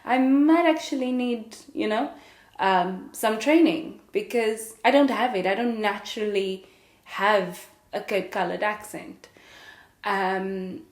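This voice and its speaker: Slow and mid-range, a young South African woman's voice fills a roomy-sounding space as she hosts a podcast. In a relaxed solo talk, she reflects openly, with frequent laughs and fillers.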